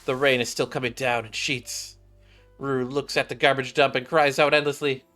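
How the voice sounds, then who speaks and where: A man's voice: mid-range voice, little pitch movement, normal speed, fairly bright tone, soft background music. A man reading a game story aloud, breaking in with casual, wry asides.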